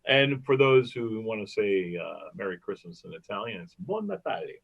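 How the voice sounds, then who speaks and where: A man's voice: on the low side, very animated, moderate pace, vocal fry, breathy edge. A man hosting a comedy podcast, telling rambling jokey stories. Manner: joking, rambling storyteller. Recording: dull lo-fi recording.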